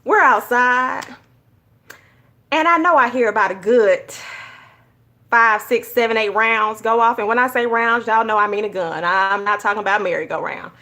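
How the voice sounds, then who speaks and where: A woman telling stories in a casual, animated way while she decorates her journal. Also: a little high, moderate pace. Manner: animated storytelling, addresses viewers as y'all. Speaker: journaling YouTuber.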